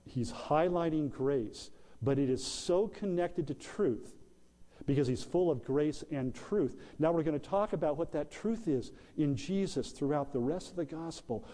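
Slow, mellow-voiced preacher in a reverberant hall. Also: male voice, a little high. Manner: slow, deliberate preaching with emphatic pauses. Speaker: pastor. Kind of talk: sermon.

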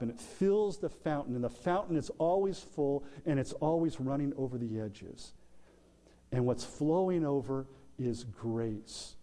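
A man preaching a sermon as pastor, slow and deliberate, with emphatic pauses. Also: mid-range voice, warm tone. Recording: long hall reverb.

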